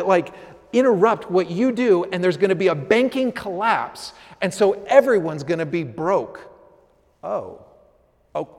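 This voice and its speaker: A man preaching a sermon as pastor, talking conversationally and acting out what his listeners might say, in a church. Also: high voice. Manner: conversational, acts out voices of listeners. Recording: long hall reverb.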